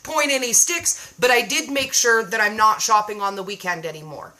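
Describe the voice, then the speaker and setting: A woman hosting a casual live-stream chat, reading viewer comments aloud in an animated way. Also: medium pitch, brisk, a little hiss or hum, rough recording. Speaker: live show host. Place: home.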